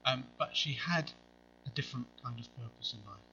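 A man's voice: medium pitch, a little fast, lo-fi sound, noisy background. A man preaching a sermon in a conversational way, with wry asides.

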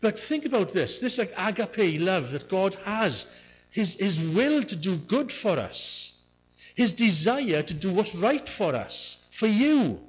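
Brief: male preacher, slightly high voice, earnest and emphatic, dull lo-fi sound. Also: big pitch swings, takes it slowly, husky. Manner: earnest, repeats key words for emphasis. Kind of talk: sermon. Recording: muffled lo-fi recording.

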